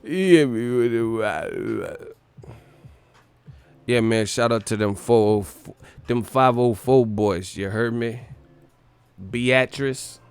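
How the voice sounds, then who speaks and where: A man with a mid-range voice speaks slowly, with vocal fry and long pauses, in a clean recording with no room sound. Hosting a boxing show, he gives loose, profane, slangy commentary, animated and quick to laugh.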